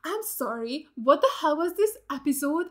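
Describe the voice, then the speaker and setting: A woman hosting a TV reaction video, excitable and swearing often. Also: sits high, moderate pace. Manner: excitable, swears a lot, screams at jump scares. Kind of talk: casual reaction commentary.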